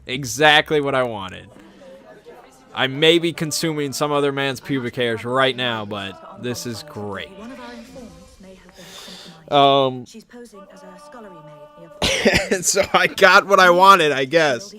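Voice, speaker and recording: A man's voice: fairly high pitch, slow, long pauses, sharp tone. A man hosting his channel, telling a rambling, amused anecdote in a casual way. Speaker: channel host. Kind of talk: casual storytelling.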